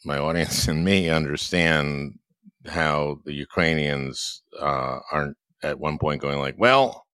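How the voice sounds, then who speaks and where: Deep-voiced man hosting, halting delivery. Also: flat delivery, a bit bright, clear, resonant tone, no room sound, studio quality. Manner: hesitant, folksy, many 'uh' pauses. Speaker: podcast host. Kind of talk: interview questions.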